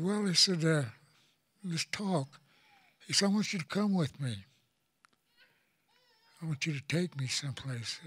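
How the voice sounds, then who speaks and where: An older man from Oklahoma tells a personal story to an audience in a halting, plain-spoken way, often repeating words as he goes. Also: a little high, husky, dry recording. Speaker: elder speaker.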